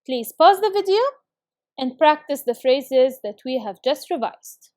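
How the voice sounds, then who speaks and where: A woman teaching an English lesson to schoolchildren on video, reading example phrases slowly and carefully and often praising her students. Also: high voice, lively intonation, darkish tone, no echo, clean studio sound.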